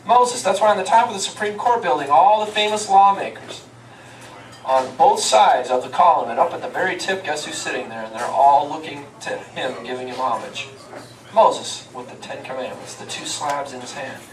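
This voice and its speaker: A man's voice: a little high, normal speed, slight background noise. A man giving an emphatic, preacher-like lecture to a live audience, asking them questions and answering them himself. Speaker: touring speaker. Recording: echoey room, voice from far off.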